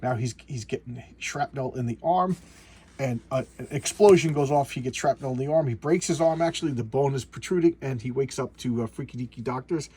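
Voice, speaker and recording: A man's voice: medium pitch, brisk, mellow, breathy edge. A man casually recapping a comic book in a rambling, sarcastic way, with many restarts. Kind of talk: casual video commentary.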